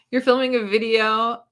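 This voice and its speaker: A woman with a bright, forceful voice hosting a relaxed livestream. She chats loosely, laughs a lot and answers viewer comments as they come in. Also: fairly high pitch. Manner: chatty, laughs often, reads viewer comments aloud. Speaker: book channel host. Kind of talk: casual livestream chat.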